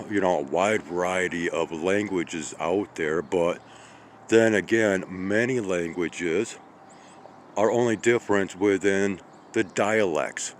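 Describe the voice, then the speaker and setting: A tired man in his late fifties rambling through a slow monologue, checking in with "okay?" and "all right?" as he goes. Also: sits low, a little hiss or hum. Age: 50s. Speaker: channel host.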